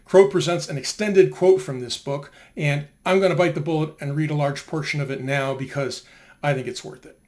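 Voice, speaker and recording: An older man talks through a history of science lesson in a slightly raised pitch. He keeps it conversational and drops in rhetorical questions to his listeners. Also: steady tone, moderate pace, a little mellow. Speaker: lecturer.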